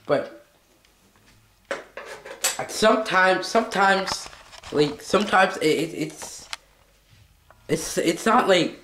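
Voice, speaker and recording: A man's voice: high voice, slow, long pauses, sharp tone, reverberant, a little hiss or hum. A male vlogger in an agitated comedic skit, swearing a lot and stammering over his words. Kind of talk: comedic self-argument skit.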